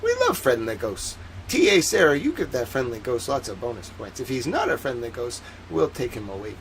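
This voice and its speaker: A man talking with a put-on Southern accent, hosting a casual livestream in a rambling, soft-spoken way full of fillers. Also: medium pitch, very animated, a little fast, a little hiss or hum, poor audio. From Massachusetts. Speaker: livestream host.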